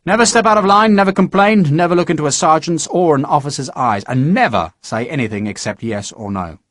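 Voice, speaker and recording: A man's voice: a little high, expressive, brisk, fairly bright tone, no echo, clean studio sound. A man doing a cocky Irish soldier. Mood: gruff, teasing. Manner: wry, teasing, cocky. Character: big, good-humoured Irish soldier.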